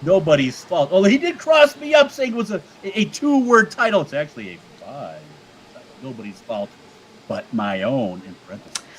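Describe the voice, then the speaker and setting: A man's voice: fairly high pitch, sing-song, a little fast, slight background noise, rough recording. A man co-hosting a casual livestream chat, rambling and joking with many stammered restarts. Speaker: co-host.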